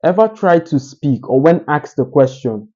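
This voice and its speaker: A man talking straight to the camera with deliberate pauses, teaching how to speak more articulately. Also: on the high side, expressive, warm tone, muffled recording. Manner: deliberate, uses pauses for emphasis. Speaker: communication coach. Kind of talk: solo talking-head advice.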